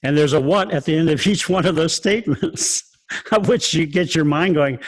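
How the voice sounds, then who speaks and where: A man's voice: a little high, expressive, moderate pace, dry recording. A man, a choir director, lecturing in an online rehearsal, asking rhetorical questions and chuckling as he explains. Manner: asks rhetorical questions, sings examples, chuckles often. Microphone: video call.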